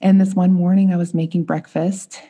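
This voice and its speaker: A woman's voice: fairly low pitch, level tone, normal speed, warm tone, a little hiss or hum. A woman in her thirties, a mother and podcast guest, earnestly telling a heartfelt personal story in conversation.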